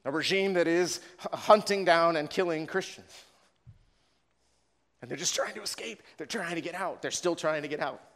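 Earnest preacher in a reverberant hall. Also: male voice, fairly high pitch, normal speed, a bit bright. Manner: earnest, building to impassioned reading, many repeated words. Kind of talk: sermon. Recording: long reverb of a large room.

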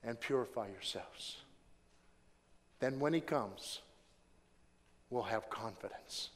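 A man's voice: mid-range voice, slow, pauses often. A man preaching a sermon as a pastor, emphatic, repeating key phrases and asking the congregation to answer his questions. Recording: long reverb from a large hall.

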